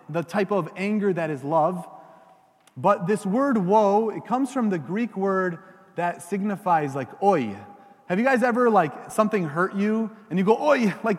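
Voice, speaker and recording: A male preacher giving a homily to children and parents in a church, animated and often asking the congregation questions. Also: sits high, long reverb tail.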